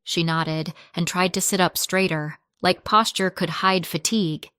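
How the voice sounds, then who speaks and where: A woman narrates a scripted first-person story at an unhurried, deliberate pace. Her voice sits a little low and stays soft and measured. The recording is dry and close, with no room sound. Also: steady tone, smooth, no room sound.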